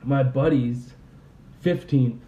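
Speaking slowly in a warm, medium-pitched voice, a young man hosts a podcast and tells a meandering story, laughing and cursing as he chats casually. The room is echoey, and the lo-fi podcast audio sounds a little dull, with faint ambience.

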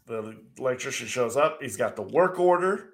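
A middle-aged man co-hosting a casual chat, telling an animated, sarcastic story with mocking asides. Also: medium pitch, normal speed. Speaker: podcast co-host.

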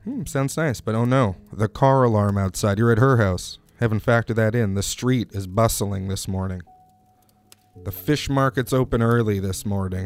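A man's voice: fairly low pitch, unhurried, a little mellow, soft background music. A man rambling through a comic monologue, digressing wryly and asking the listener questions.

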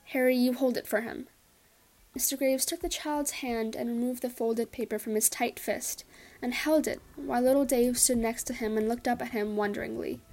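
A woman narrating a short story in a calm, measured reading voice. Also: fairly high pitch, creaky, rough recording.

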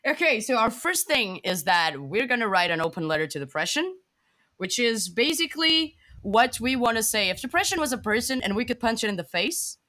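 Female podcast co-host, lively pitch swings, sarcastic and teasing, deadpan humor. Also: fairly quick. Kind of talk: casual chat.

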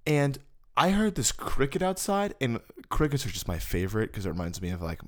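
A man telling personal stories in a relaxed, casual conversation, with conversational asides to his listener. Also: medium pitch, a little fast.

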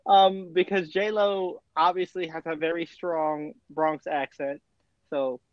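A man's voice: fairly high pitch, steady tone, takes it slowly, dry recording. A man co-hosting a podcast, chatting enthusiastically about a TV series with lots of fillers and restarts. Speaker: podcast co-host. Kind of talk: casual chat reviewing a TV series. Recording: dull lo-fi dry mic.

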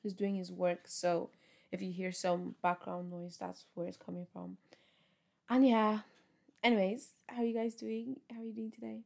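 A woman's voice: mid-range voice, flat delivery, moderate pace, creaky, darkish tone. A young woman hosting her own podcast, chatting casually and upbeat with lots of fillers despite sounding tired. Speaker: podcast host. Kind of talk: casual solo podcast chat.

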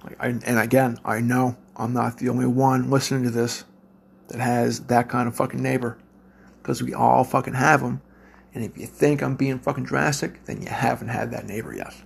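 A man's voice: mid-range voice, steady tone, normal speed, creaky, breathy edge. A man telling a rambling, profane story to his listeners in a loose, blunt way.

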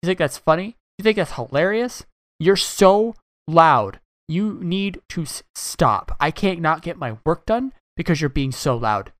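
A man's voice: mid-range voice, lively intonation, fairly quick, a bit bright, dry recording, clean studio sound, pitched above the performer's own voice. A man voicing a bitter, strict female teacher who snaps and scolds. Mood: scolding. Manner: snapping, scolding.

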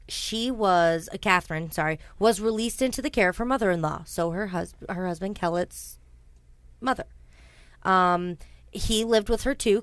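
Smooth-voiced woman recounting true crime. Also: fairly low pitch, no room sound. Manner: chatty, swears, frequent ums and asides. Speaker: podcast host. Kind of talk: casual true-crime storytelling.

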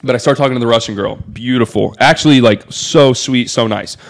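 Brief: young male podcast guest, loose storyteller, lots of "like", swears freely, mid-pitched. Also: a little fast, gravelly. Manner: loose and animated, heavy on "like" fillers and swearing. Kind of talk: casual storytelling.

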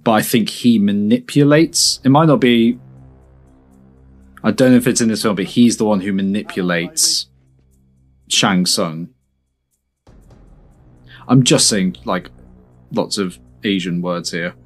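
A man chatting casually while watching a film, animated and quick to laugh, often restarting his sentences. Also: lowish voice. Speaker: film watch-along co-host. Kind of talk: casual reaction chat over a film. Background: faint film soundtrack music.

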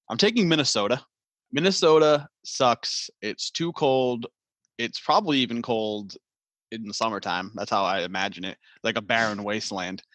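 A man's voice: medium pitch, fairly bright tone, no room sound. A man co-hosting a podcast, complaining sarcastically and with exasperation in casual banter. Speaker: podcast co-host.

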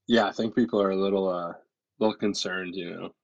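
A man's voice: low voice, fairly even intonation, a little fast, vocal fry, highs cut off. A man co-hosting a casual podcast, laid-back and hesitant with many fillers. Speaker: podcast co-host, pastor. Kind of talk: casual chat. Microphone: remote call.

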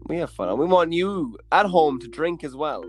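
A man co-hosting a podcast over a video call, jokey and quick in casual chat. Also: fairly high pitch, animated, soft background music. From Ireland. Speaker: podcast co-host.

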